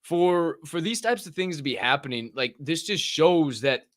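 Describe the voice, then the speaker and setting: Lively, cussing American man hosting crypto news. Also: fairly high pitch, normal speed, no room sound, studio quality. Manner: animated, profane, jokey, bursts of shouting. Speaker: podcast host. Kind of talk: casual crypto news chat.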